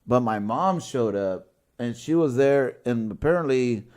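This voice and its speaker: A man's voice: mid-range voice, lively intonation, measured pace, a little mellow. A man hosting a podcast, telling a long rambling story in casual chat, swearing often and laughing mid-sentence. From Washington State, US. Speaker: podcast host. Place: podcast studio with guests.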